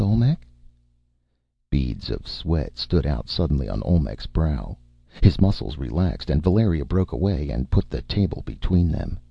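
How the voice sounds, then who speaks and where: Man narrator, very low husky voice, expressive pulp-adventure reading. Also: no echo. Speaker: audiobook narrator. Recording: dull, dry audiobook recording.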